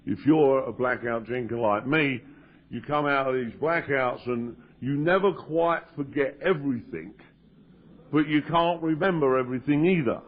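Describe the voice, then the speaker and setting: Just a dude telling his story, jumps into loud voices for the dialogue, dull old tape sound. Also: medium pitch. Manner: storytelling, acts out quoted dialogue in raised voices. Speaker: recovery meeting speaker. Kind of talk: personal recovery story told to an audience. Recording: dull lo-fi 1992 tape of a live talk.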